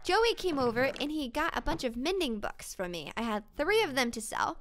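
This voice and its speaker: A woman's voice: sits high, sing-song, moderate pace. A young woman playing a video game and chatting in a bubbly, easily distracted way to her viewers. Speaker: gaming YouTuber. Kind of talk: casual let's-play chat.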